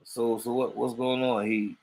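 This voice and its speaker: A man's voice: medium pitch, level tone, unhurried, darkish tone. A man telling a long story in casual chat, acting out quoted dialogue and laughing often. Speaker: podcast co-host.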